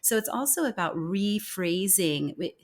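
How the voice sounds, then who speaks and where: A woman's voice: mid-range voice, animated, a little slow. A woman, a communication consultant, earnestly explaining her views as a guest in an interview conversation. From United States. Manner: earnest, explanatory, acts out quoted speech.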